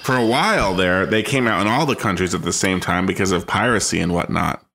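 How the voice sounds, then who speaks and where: Male co-host, low and gravelly, animated pitch; rambling casual delivery. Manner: rambling, halting speech with fillers. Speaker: podcast co-host. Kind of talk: casual chat.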